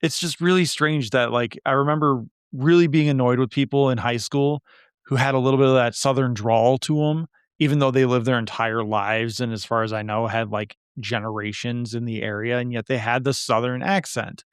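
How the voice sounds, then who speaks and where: Midwest guy hosting a podcast, rambly casual chat, smooth voice, dead dry sound. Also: mid-range voice, steady tone, moderate pace, no room sound. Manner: chatty, rambling, self-deprecating. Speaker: podcast host.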